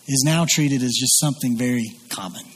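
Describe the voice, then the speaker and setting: A man's voice: medium pitch, a little fast, breathy edge, big-room sound. A man preaching a sermon as pastor, earnest and emphatic, often restarting his sentences.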